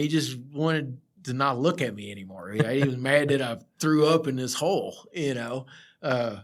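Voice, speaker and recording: Here a middle-aged project surveyor, guesting on a podcast, talks at normal speed in a mid-range voice. Laid-back and quick to laugh, he rambles through work stories in easygoing conversation.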